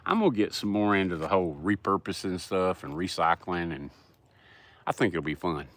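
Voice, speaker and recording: A man's voice: low-pitched, normal speed, a bit bright. A middle-aged man with a Southern US accent, hosting a casual livestream and rambling in a folksy way as he answers chat. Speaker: livestream host.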